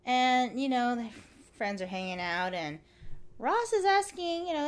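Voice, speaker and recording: A woman's voice: fairly high pitch, big pitch swings, measured pace. A woman hosting a podcast, chatting casually through an episode recap and acting out the characters' lines. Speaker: podcast host.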